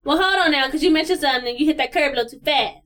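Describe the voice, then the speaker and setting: A woman's voice: sits high, very fast, fairly bright tone. A woman co-hosting a casual podcast chat, blunt, profane and teasing. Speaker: podcast co-host.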